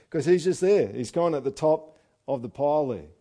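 An Australian man preaching a sermon, animated and joking, with loud asides and quiet readings. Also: fairly high pitch, normal speed. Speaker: pastor.

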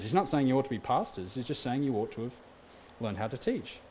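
A man's voice: mid-range voice, sing-song, fast, darkish tone, a little hiss or hum. A man preaching a sermon as pastor, in an earnest, conversational way with frequent restarts. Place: church.

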